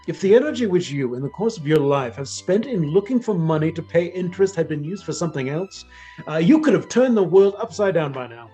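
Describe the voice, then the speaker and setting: A woman's voice: on the low side, big pitch swings, fairly quick, warm tone, slightly rough, soft background music. A woman playing a stern, idealistic young male student who lectures bluntly. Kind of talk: stage play acting.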